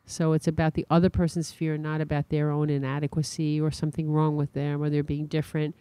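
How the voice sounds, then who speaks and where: A psychologist answering an interview question, speaking gently and reflectively. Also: mid-range voice, monotone, a little fast, hardly any pauses, clear, resonant tone.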